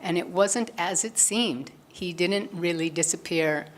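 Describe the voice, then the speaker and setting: Deep-voiced woman doing a spiritual talk, earnest storyteller acting out the quotes. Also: measured pace. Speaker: satsang speaker.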